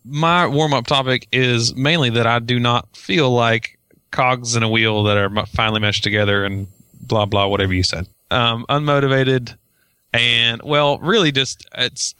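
A man's voice: mid-range voice, moderate pace, bright, forceful tone, clean tone, no echo. A man co-hosting a casual podcast, talking in a wry, self-deprecating way. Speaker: podcast co-host.

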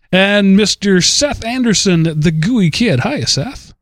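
A man's voice: high voice, lively intonation, slow pace, no echo, studio quality. A man with a Southern US accent hosting a casual podcast, rambling and self-deprecating, talking in a stream of consciousness. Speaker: podcast host.

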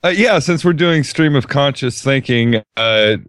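A man's voice: medium pitch, lively intonation, unhurried, fairly bright tone, no echo, studio quality. A man co-hosting a podcast in a laid-back, hesitant way. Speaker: podcast co-host. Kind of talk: casual chat.

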